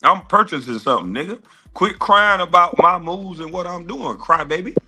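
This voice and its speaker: A man with a bright, forceful, fairly high voice argues heatedly. He is taunting and dismissive and swears freely as he mocks the other man. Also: lively intonation, moderate pace. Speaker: former pro basketball player and livestreamer. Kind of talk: heated casual argument.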